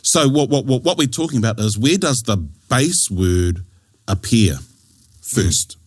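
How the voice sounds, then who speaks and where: A man with a New Zealand accent leads a language lesson, his voice leaping up and down as he coaxes his learners along. He is recorded close and dry, and he keeps checking in with a quick "yeah?" and an easy laugh. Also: mid-range voice, breathy edge, no room sound. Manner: animated, laughing, coaxing, with frequent checks like "yeah?". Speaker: te reo Māori teacher. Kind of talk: lively classroom explanation.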